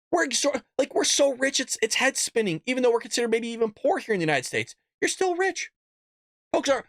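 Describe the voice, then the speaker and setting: A man's voice: very high-pitched, a bit bright, dry recording, studio quality. A man hosting a political commentary show, ranting bluntly and cussing. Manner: blunt, fired-up, cusses. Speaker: host.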